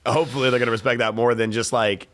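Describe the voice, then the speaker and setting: Young male podcast co-host, mid-pitched, rambling and hesitant delivery. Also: steady tone, rapid-fire, a bit bright. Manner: rambling, hesitant, many fillers and restarts. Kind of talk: casual chat.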